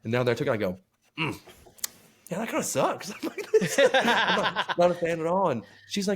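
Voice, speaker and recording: Animated man telling crude stories. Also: on the high side, a little fast, pauses often, slightly rough. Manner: crude, lively storytelling with acted quotes. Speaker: podcast co-host. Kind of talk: casual podcast chat.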